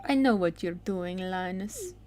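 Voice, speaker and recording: A woman's voice: on the low side, sing-song, measured pace, background noise. A kindly male chef from a video game, put on by a woman reading along, with a hammy put-on Italian accent. He talks in a generous, coaxing way and pushes food on others.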